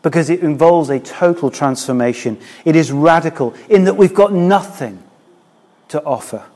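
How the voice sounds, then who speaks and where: Preaching a sermon at a moderate pace, a middle-aged man speaks in a voice a little higher than most men's. His manner with the congregation is relaxed and conversational, and he keeps drawing them in with rhetorical questions.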